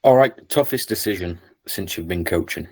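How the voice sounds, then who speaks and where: Man, podcast host, very low voice, short dry questions, casual. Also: animated, moderate pace, darkish tone, breathy edge.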